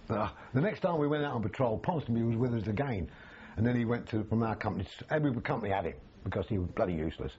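An older man, recalling his army days in an animated, storytelling way, full of restarts. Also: lowish voice, highs cut off, a little hiss or hum. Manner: animated, acts out quoted voices, frequent restarts. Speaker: army veteran interviewee. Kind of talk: storytelling reminiscence.

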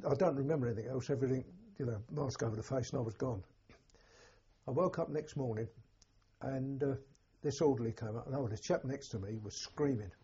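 Old english vet telling war stories, raspy, lots of restarts, muffled old tape. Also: male voice, medium pitch, mellow. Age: older. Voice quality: husky. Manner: halting, plain-spoken storytelling with many restarts. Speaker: war veteran recounting memories. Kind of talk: oral history testimony.

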